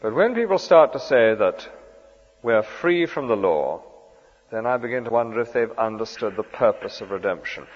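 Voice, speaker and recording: A man's voice: fairly low pitch, expressive, normal speed. A man preaching a sermon in an earnest, emphatic way, asking the listeners questions. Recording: dull sound with long hall reverb.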